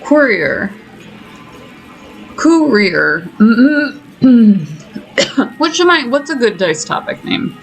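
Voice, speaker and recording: A woman's voice: fairly high pitch, big pitch swings, slow pace, pauses often, soft background music, poor audio. A woman streamer giving chatty, self-mocking running commentary while she plays a game. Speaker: gaming streamer. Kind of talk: casual let's-play commentary.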